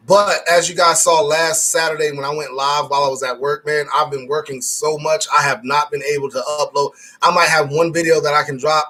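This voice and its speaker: A man hosts a casual live stream, chatting loosely and restarting his sentences. His voice is bright and a bit husky, pitched slightly high for a man. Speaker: livestream host reading chat.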